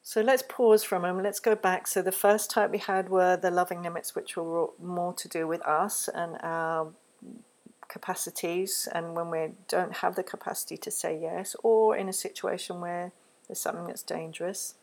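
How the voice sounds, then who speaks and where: A woman hosting a parenting podcast, explaining calmly and gently, and dropping into soft, hushed tones when she models what to say to a child. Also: on the low side, normal speed, rough recording. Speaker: podcast host, parenting educator. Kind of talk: calm instructional podcast talk.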